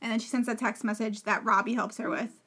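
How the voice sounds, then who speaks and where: Opinionated woman with a high voice. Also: steady tone, fast talker, bright, forceful tone, breathy edge. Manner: opinionated, emphatic, talks over the other host. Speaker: podcast co-host. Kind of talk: casual reality-TV recap chat.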